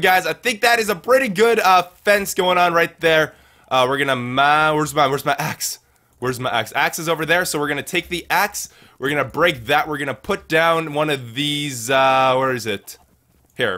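A man's voice: fairly high pitch, sharp tone. A man hosting a live game let's-play, talking energetically to chat, repeating his phrases and calling viewers dudes and guys. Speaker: gaming livestream host.

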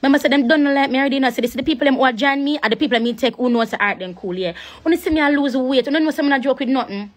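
A young woman with a Jamaican accent, livestreaming a rambling, preachy sales pitch for her network marketing business. She repeats herself and slips into patois. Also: rapid-fire, few pauses. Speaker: live streamer promoting a network marketing business. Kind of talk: casual live-stream sales pitch.

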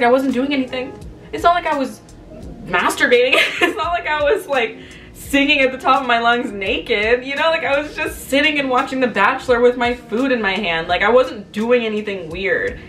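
A woman's voice: high-pitched, moderate pace, distant mic, soft background music. A woman in her twenties, a vlogger talking candidly to camera in a casual, chatty way and acting out what people said. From Canada. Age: 20s. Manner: chatty, candid storytelling with lively quoted voices.

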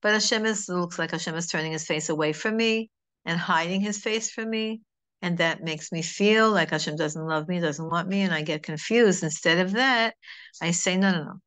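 A woman's voice: fairly low pitch, normal speed, a bit bright. A middle-aged woman teaching a Torah class in a conversational, digressive way, mixing in Hebrew terms.

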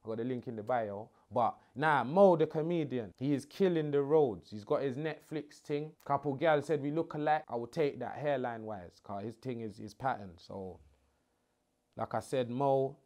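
A man's voice: mid-range voice, moderate pace. A young man, half Ghanaian, hosting a casual chat from his living room and answering fan questions with cheeky slang. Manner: cheeky, bantering London slang, lively swings of loudness. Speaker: host. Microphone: phone at arm's length.

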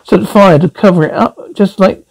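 Man as an agitated young accuser, gravelly, slightly high. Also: moderate pace, low-quality recording. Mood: accusing. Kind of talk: radio drama acting.

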